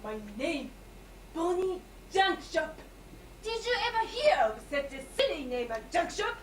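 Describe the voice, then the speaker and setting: A woman's voice: extremely high pitch, very animated, unhurried, full character voice. A woman playing a theatrical, self-pitying alcoholic patient in an amateur stage comedy, gushing and sing-song. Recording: echoey hall, distant mic, hiss.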